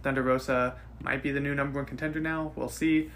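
A man's voice: mid-range voice, little pitch movement, fairly quick, slight background noise. A man co-hosting a podcast, recapping and rating a wrestling show in casual, joking chat. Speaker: podcast co-host.

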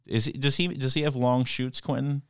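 A man's voice: mid-range voice, level tone, brisk, clear, resonant tone. A man chatting as a podcast guest, rambling with lots of "like" and "you know". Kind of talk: casual chat.

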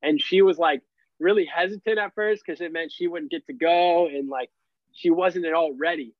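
A man's voice: a little high, moderate pace, dry recording. A young man telling a story casually as a podcast guest, leaning on "like" as a filler. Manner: animated, heavy use of "like" fillers. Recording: dull, lo-fi and dry.

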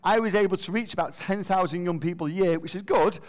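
A man in his fifties with a fairly high voice tells comic stories about himself. His talk is lively and self-mocking, with a slight slur in his speech. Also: quick pace. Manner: self-deprecating, animated storyteller with a slight slur. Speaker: schools worker and preacher. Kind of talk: humorous storytelling talk.

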